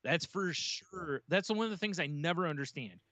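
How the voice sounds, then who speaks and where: A man's voice: a little high, lively intonation, moderate pace, bright, forceful tone, dry recording. A man co-hosting a casual podcast, chatting in a laid-back, joking way and swearing now and then. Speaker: podcast co-host. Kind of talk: casual chat.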